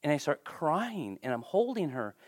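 A man preaching a sermon, telling a personal story in an animated, emphatic way. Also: a little high, normal speed, no echo, studio quality.

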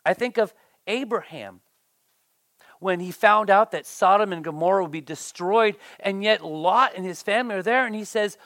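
A pastor preaching a sermon in an animated way, often repeating words and briefly acting out the people quoted. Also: mid-range voice, moderate pace, no echo.

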